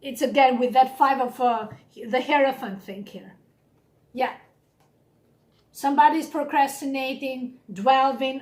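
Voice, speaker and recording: A woman's voice: high voice, unhurried, darkish tone. A woman giving a casual, blunt and encouraging tarot reading straight to the viewer. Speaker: tarot reader. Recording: echoey room.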